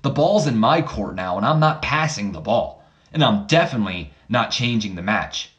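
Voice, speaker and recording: A man voicing a cocky, defiant young male heir in acted dialogue for a wrestling game playthrough, with a lowish voice. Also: very animated, moderate pace, fairly bright tone, lo-fi sound.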